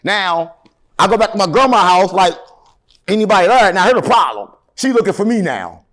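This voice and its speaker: A middle-aged man, telling long rambling stories with deadpan jokes as an interview guest. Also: sits high, brisk. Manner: animated, rambling, deadpan joking. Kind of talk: rambling storytelling in casual interview.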